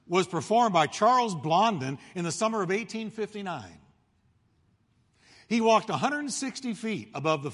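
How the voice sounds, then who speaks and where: A male pastor preaches in a lively storytelling style, jumping into the voices of the people in his story. His voice sits a bit high for a man. The sound rings with the long reverb of a big hall. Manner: animated storytelling, acting out crowd voices. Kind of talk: sermon.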